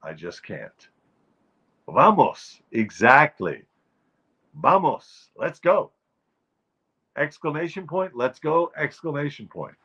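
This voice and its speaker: Wry, animated man ranting comically. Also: on the high side, slow, long pauses, breathy edge, dull audio. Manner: wry, emphatic ranting about phrases. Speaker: show host. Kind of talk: comic monologue.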